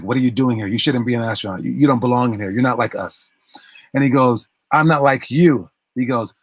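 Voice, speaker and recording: A man's voice: medium pitch, no echo. Man coaching players, dry close sound. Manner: retells a story with acted-out quotes and many restarts. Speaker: basketball coach. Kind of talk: motivational talk.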